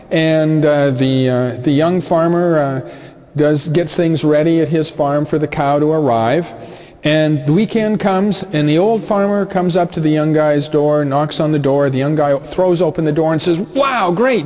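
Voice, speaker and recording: A man with a somewhat high voice leads a lesson by telling a story. His delivery is relaxed and conversational, with frequent fillers as he goes. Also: a little slow. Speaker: business teacher.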